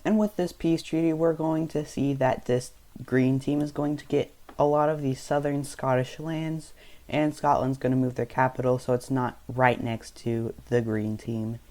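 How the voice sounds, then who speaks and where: A young man casually narrating over a map, loose and unscripted, with frequent ums and quick self-corrections. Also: medium pitch, fairly even intonation, a little mellow. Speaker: map video creator.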